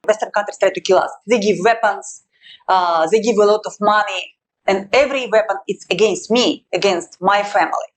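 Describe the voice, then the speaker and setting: A woman from Russia, a war correspondent, answering interview questions in halting non-native English with a Russian accent and firm emphasis. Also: mid-range voice, a little hiss or hum, poor audio.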